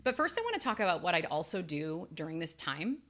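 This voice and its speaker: A woman podcast host and life coach giving an earnest, faith-based motivational talk, with emphatic rises in pitch. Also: big pitch swings, quick pace.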